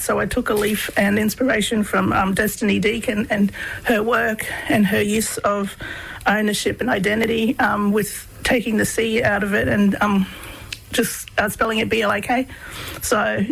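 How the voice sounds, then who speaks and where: A woman's voice: mid-range voice, gravelly, fairly bright tone, husky, poor audio. A woman being interviewed, telling personal stories in a rambling, casual way full of fillers and frequent laughs.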